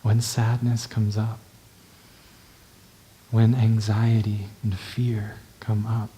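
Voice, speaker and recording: A male meditation teacher giving a dharma talk in a gentle, unhurried way, often checking in with the listener. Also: on the low side, level tone, slight background noise.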